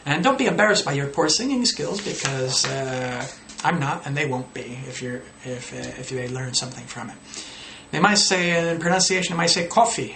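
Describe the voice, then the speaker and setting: Guy teaching english tips to camera, bit of fry in the voice, acts out mistakes, roomy sound. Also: normal speed. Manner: explains casually, acts out student errors with pitch jumps. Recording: roomy echo with faint noise.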